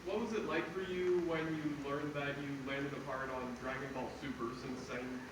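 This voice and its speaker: A man in the audience asking a question hesitantly and softly. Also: medium pitch, steady tone, moderate pace. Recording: echoey hall from far off, loud noise.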